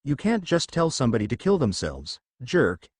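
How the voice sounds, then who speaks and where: A man's voice: mid-range voice, huge pitch swings, normal speed, breathy edge, no room sound, clean studio sound. A man doing a timid, bullied teenage boy muttering. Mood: bitter, muttering. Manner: mutters bitterly to himself.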